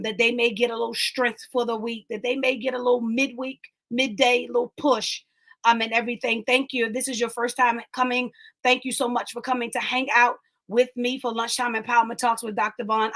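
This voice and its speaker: A woman's voice: on the high side, bright, forceful tone. A woman hosting an online inspirational talk, preaching with emphatic repetition and speaking directly to live viewers. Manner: emphatic, repeats lines, talks to live viewers. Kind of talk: preaching-style encouragement.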